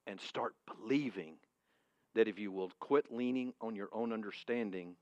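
A male pastor preaching a sermon to a congregation in a church room, emphatic and moving between booming and hushed. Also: normal speed, no room sound, highs cut off.

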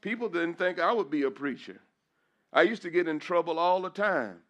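A man's voice: on the high side, expressive, normal speed, a bit bright. A middle-aged man, a pastor, giving an emotional testimony in church, preaching with repeated phrases and rising into praise. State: emotional, voice breaking at times.

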